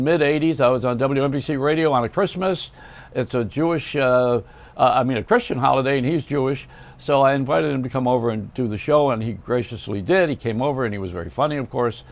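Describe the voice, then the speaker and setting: An older man hosts a storytelling monologue, drifting from one anecdote to the next. His voice is gravelly and his pitch moves with lively swings. He keeps restarting phrases and correcting himself as he goes. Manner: rambling, self-correcting anecdotes. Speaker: radio host.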